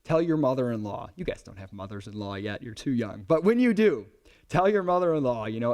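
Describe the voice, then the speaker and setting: A man in his thirties speaks to a live audience at a conference, with a pitch of middle height for a man. His delivery is conversational and lively. He swings up and down in pitch and keeps checking in with the crowd. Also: fairly quick. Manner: conversational, animated, keeps asking "right?". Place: conference presentation before a young audience.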